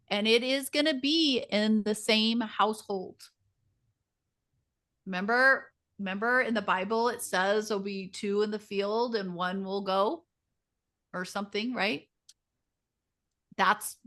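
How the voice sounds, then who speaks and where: A woman's voice: mid-range voice, bright, forceful tone. A woman leading a community group on a video call, talking casually and animatedly, often mimicking other people's voices.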